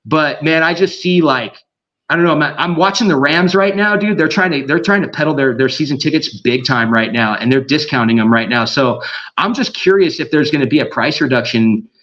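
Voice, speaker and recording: A man with a high, bright voice talks in a loose, rambling podcast chat, piling on slang and restarts. The sound is dull and lo-fi, like a muffled call-in feed. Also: brisk. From Southern California. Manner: excited, rambling, slangy, mimics others in quoted voices. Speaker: guest. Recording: dull lo-fi audio.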